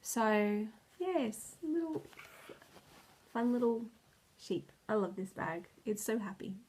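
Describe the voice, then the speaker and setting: A woman's voice: a little high, very animated, takes it slowly, a little mellow, a little hiss or hum. A tired, stressed woman hosting a knitting video podcast. She rambles, loses her words and laughs often. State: tired and stressed, close to tears. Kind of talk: casual chat.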